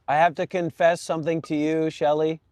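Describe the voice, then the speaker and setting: A man's voice: on the high side, level tone, fairly quick, a little mellow, no room sound, studio quality. A man hosting a casual live stream, playful and teasing, with lots of exclamations. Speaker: livestream host.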